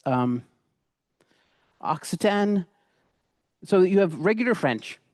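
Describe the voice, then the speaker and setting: A middle-aged cooking instructor gives a casual, rambling cooking demonstration, full of fillers and restarts. His mid-range voice is a little mellow, recorded with clean studio sound and no room sound.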